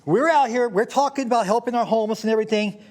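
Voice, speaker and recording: A man giving an agitated, rambling public comment at a county board meeting, swinging from muttering to shouting. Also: very high-pitched, fast.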